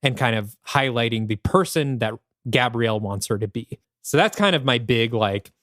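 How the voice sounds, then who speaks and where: A man co-hosting a podcast narrates a story pitch, thinking aloud as he goes. His voice sits at an ordinary man's pitch, and the recording is dry and close. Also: expressive, moderate pace, fairly bright tone, no room sound. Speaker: podcast co-host.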